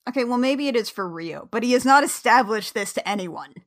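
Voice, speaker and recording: A woman co-hosting a podcast, recapping a cartoon episode in casual chat and acting out the characters' lines in quick bursts. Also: fairly high pitch, expressive. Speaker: podcast co-host.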